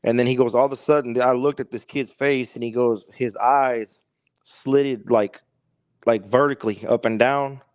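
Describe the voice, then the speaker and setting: A man's voice: mid-range voice, steady tone, moderate pace, a little mellow, clean tone, no room sound. Man rambling through a story, dry sound. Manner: rambling, repeats "he's like" and "he goes". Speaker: podcast guest. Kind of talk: casual storytelling.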